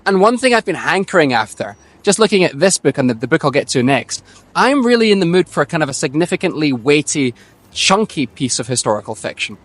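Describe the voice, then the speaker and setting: A young man hosting a book channel, chatting eagerly about his reading plans outdoors, loud into the mic with tinny audio. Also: a little high, big pitch swings. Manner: chatty, enthusiastic, quick-talking. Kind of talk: casual book talk to camera.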